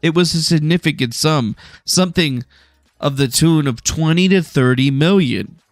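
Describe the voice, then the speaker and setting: A man's voice: a little high, normal speed, no room sound, clean studio sound. A man hosting a casual livestream at home, reading news aloud and riffing on it sarcastically, swearing casually. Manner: reads news articles aloud and riffs on them. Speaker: livestream host.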